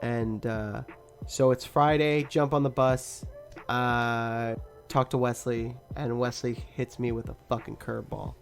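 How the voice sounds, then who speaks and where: Young man, podcast host, casual rambling storytelling, swears a lot, medium pitch, faint music behind. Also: level tone, measured pace, gravelly. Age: young adult. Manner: rambling, laughs often, swears freely.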